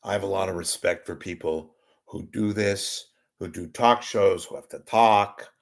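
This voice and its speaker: A man hosting a live solo talk show, rambling and wisecracking in a meandering, self-interrupting way with a low-key, deadpan delivery. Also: unhurried, creaky.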